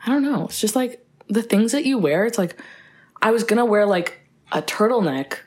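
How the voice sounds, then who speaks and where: A young woman in her twenties co-hosting a podcast in casual chat, telling stories with lively quoted voices. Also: mid-range voice, moderate pace, breathy edge. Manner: chatty, animated storytelling with quoted voices. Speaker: podcast co-host.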